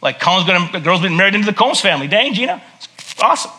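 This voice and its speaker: A man preaching a sermon as a pastor in a church service, conversational and joking, swinging between loud bursts and hushed earnest tones. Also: high voice, big pitch swings, racing.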